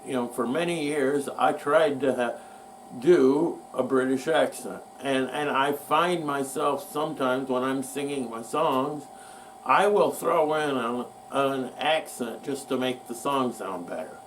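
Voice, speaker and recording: A man's voice: medium pitch, unhurried, recorded from a distance, rough recording. Man, podcast host, folksy rambling monologue, faint mains hum behind. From United States. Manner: folksy, rambling, self-mocking. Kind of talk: rambling solo music-history talk.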